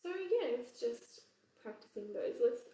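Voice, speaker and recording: A woman with an English accent teaching choir vowel sounds in a relaxed, chatty way, breaking into sung examples. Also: fairly high pitch, a little slow, far from the mic. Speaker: choir vocal coach. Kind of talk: casual singing lesson with sung examples. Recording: roomy echo, voice away from the mic.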